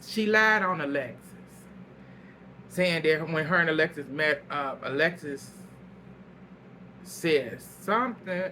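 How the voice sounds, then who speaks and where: Guy gossiping thru a reality show recap, bright voice, laughs and cusses a lot, bit of hiss behind. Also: a little high, takes it slowly, long pauses. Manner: animated storytelling, laughs a lot, salty language. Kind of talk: casual recap chat.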